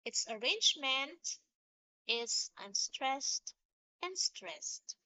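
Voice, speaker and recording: A woman's voice: high-pitched, animated, sharp tone, no echo. A woman teacher giving a lesson on poetry, explaining patiently and sounding out rhythms. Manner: slow, patient explaining with sung-out rhythm examples. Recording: dull lo-fi sound.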